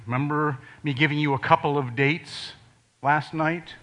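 Bright-voiced older man preaching a sermon. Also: a little high, steady tone, normal speed. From Ohio, USA. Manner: conversational preaching with sudden drops to quiet emphasis.

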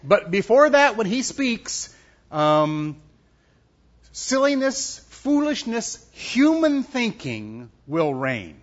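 A middle-aged man preaching a sermon as pastor, emphatic and lively, dropping suddenly soft for effect. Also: sits high, takes it slowly. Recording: dull lo-fi sound.

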